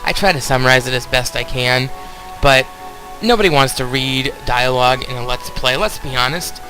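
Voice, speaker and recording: A man's voice: mid-range voice, normal speed, bright, forceful tone, soft background music, low-quality recording. A young man casually commenting on a video game as he plays, rambling and talking straight to his viewers. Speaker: let's play host.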